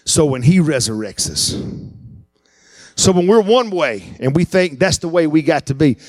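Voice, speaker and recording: A man preaching a sermon, animated and acting out the voices he quotes. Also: fairly high pitch, moderate pace, no room sound, clean studio sound. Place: church.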